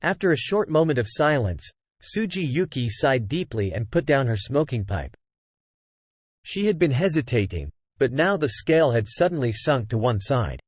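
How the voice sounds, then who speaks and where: A man reads a fantasy web novel aloud at a steady, even pace. His pitch moves around a good deal from phrase to phrase. The sound is dry and close, with no room around it. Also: moderate pace, breathy edge, dry recording. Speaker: audiobook narrator. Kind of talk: plain narration of a web novel.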